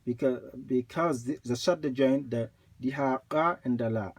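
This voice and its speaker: A man teaching Quran recitation rules, explaining slowly and repeating points, with recited examples. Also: medium pitch, slightly rough.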